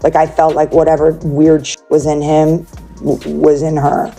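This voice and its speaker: Woman, interview guest, low mellow voice, rambling chatty storyteller. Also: little pitch movement, moderate pace, faint music behind. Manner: chatty, peppered with "like", acts out quoted speech.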